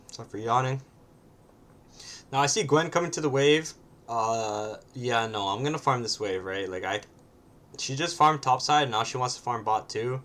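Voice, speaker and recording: A man's voice: medium pitch, normal speed, fairly bright tone. A man casually commenting on his own match, often ending points with a questioning "right?" and sometimes swearing bluntly.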